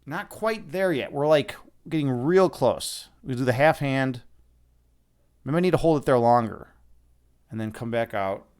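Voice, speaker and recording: Lively chatty man on a livestream. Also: medium pitch, measured pace, long pauses, clean tone. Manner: rambling, chatty, talks to viewers, swears now and then. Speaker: livestream host. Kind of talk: casual livestream chat.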